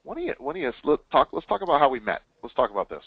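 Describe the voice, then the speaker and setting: A man hosting a webinar in casual chat, with an energetic, hyped promotional delivery. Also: medium pitch, racing, breathy edge, dry recording. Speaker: webinar host. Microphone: call or webinar line. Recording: tinny phone-line audio.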